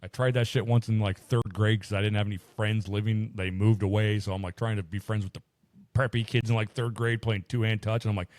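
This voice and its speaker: Male podcast co-host, animated swearing raconteur, dry studio sound. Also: fairly low pitch, fairly quick, no echo. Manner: profane, animated storytelling with voiced quotes. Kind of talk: casual chat.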